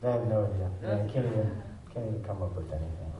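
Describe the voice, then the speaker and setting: A man's voice: lowish voice, very fast, lo-fi sound, noisy background. A man in his forties, a voice actor, answers fan questions on a convention panel. He tells stories with energy and acts out quotes and noises as he goes. His voice carries through an echoey hall and sounds distant from the mic. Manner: animated storyteller, acts out quotes and goblin noises. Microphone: handheld mic, recorded from the audience.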